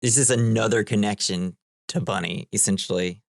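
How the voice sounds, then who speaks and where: Podcast co-host, male, lowish voice, chatty rambling recaps, dry close sound. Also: normal speed, vocal fry, no room sound. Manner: rambling plot recap full of "like", acting out quotes. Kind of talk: casual movie-podcast chat.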